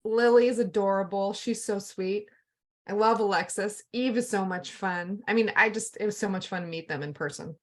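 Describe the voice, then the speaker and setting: A woman's voice: mid-range voice, normal speed. A woman chatting casually over a video call, gushing with enthusiasm about people and events.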